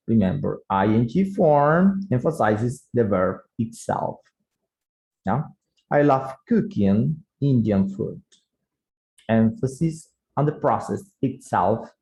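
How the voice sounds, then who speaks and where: A man teaching an English grammar lesson online, unhurried and checking in with students with frequent "yeah?" tags, in second-language English. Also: mid-range voice, gravelly, a little mellow, low-quality recording.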